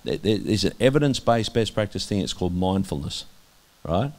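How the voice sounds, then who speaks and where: An Australian man sharing candid testimony in an interview, earnest and halting, with many restarts and a voice that drops soft at times. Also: low voice, sing-song. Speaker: interviewee, minister.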